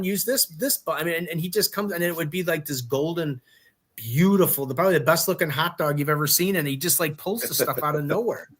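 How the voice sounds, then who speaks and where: A man co-hosting a casual chat show, rambling through stories and teasing his co-host. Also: fairly high pitch.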